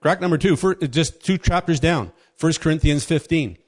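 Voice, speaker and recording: A man preaching a casual sermon, telling a story with quick voiced asides and chuckles. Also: fairly high pitch.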